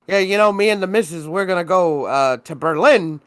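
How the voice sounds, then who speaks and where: A man's voice: high voice, a little fast, fairly bright tone, smooth, no echo. A man doing a loose, mumbled impression of a tech billionaire, with an accent he admits he can't place. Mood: offhand.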